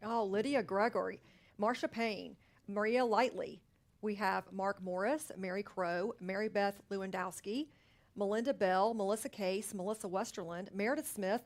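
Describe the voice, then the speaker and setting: A woman's voice: medium pitch, moderate pace. A woman co-hosting a live company sales meeting from a studio, reading long lists of names in a casual, upbeat way and cheering people on.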